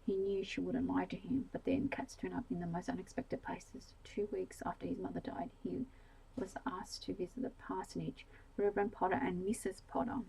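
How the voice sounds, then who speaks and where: A woman reading a bedtime story in a soft ASMR whisper, sometimes slipping into a low voice. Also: vocal fry, a little hiss or hum, low-quality recording.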